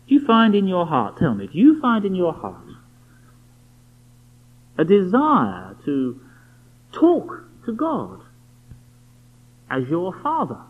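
A man's voice: sits high, huge pitch swings, slow, pauses often, breathy edge. A man preaching a sermon, emphatic and full of rhetorical questions aimed at the listener. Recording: dull lo-fi recording.

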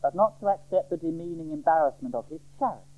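A man's voice: fairly high pitch, lively intonation, quick pace. Emphatic preacher man, tinny phone-like sound. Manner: emphatic, rhetorical questions. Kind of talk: expository sermon. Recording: tinny phone-like sermon recording.

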